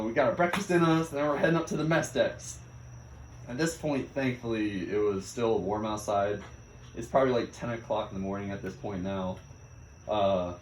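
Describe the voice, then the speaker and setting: A young man, a Navy sailor, casually telling a story about his deployment, laughing often and acting out the things people shouted at him. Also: mid-range voice, a little hiss or hum. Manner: animated, laughs often, acts out quoted shouts. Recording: echoey room.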